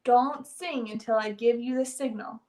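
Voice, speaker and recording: A woman's voice: a little high, moderate pace, darkish tone, pitched below the performer's own voice, close to an everyday voice. A woman voicing a clever, bossy old woman who gives commands firmly, read for a storybook. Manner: firm, commanding. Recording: roomy echo.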